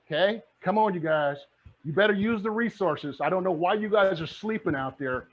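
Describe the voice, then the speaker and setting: A man's voice: sits high, normal speed. A middle-aged man giving a motivational talk as a real estate mentor, fired up and repeating his points like a preacher. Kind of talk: motivational presentation. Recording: muffled lo-fi audio.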